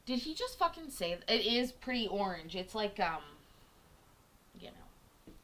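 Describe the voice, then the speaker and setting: A woman's voice: mid-range voice, sing-song, measured pace, a bit bright. A woman hosting a casual livestream from her kitchen, chatting with viewers in a jokey, self-teasing way and swearing freely. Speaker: livestream host reacting to court videos. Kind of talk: casual chat to a live audience. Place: home kitchen.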